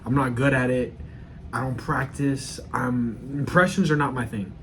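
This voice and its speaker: A man's voice: mid-range voice, steady tone, moderate pace, fairly bright tone, slight background noise, rough recording. Rambling young man vlogging casually. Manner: rambling, self-deprecating, swears casually. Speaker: channel host. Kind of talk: casual solo vlog commentary.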